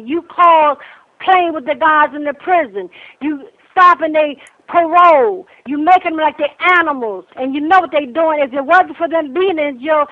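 An older woman, speaking out angrily and emphatically as a grieving grandmother, repeating her points. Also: high-pitched. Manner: angry, emphatic, repeats herself. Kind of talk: impassioned public complaint. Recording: tinny phone line.

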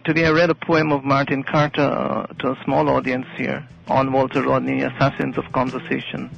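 A man's voice: mid-range voice, flat delivery, brisk, creaky. A man speaking as a guest in a radio interview, thoughtful and hesitant, often repeating words as he searches for them. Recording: muffled lo-fi radio audio.

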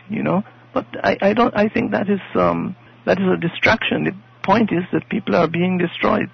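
A man's voice: on the high side, vocal fry, breathy edge. A man speaking as a guest in a radio interview, thoughtful and hesitant, often repeating words as he searches for them. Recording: muffled lo-fi radio audio.

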